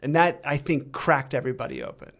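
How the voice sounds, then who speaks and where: A man, a podcast guest, telling a personal story in earnest, halting speech with frequent restarts. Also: medium pitch, fairly bright tone. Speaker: interview guest. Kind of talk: candid storytelling in a recovery interview.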